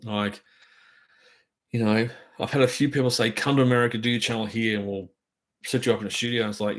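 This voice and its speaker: A man's voice: fairly low pitch, steady tone, fast talker. A middle-aged Australian man hosting a drum channel, chatting on a live stream in a rambling, enthusiastic way full of fillers. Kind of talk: casual live-stream chat.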